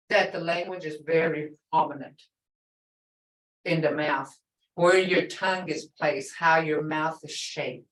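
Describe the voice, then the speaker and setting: Slow, patient woman teaching in an echoey room. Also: fairly low pitch. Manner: slow, patient, repeats words for learners. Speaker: language teacher. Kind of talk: live online language lesson. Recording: echoey room, far from the mic.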